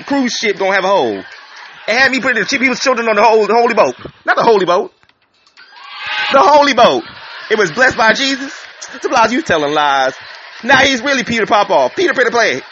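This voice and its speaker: A man's voice: high-pitched, expressive, fairly quick. A man hosting a community talk show, sassy and theatrical, calling listeners honey and child. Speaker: community radio host. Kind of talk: flamboyant comic commentary. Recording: dull lo-fi recording with loud hiss.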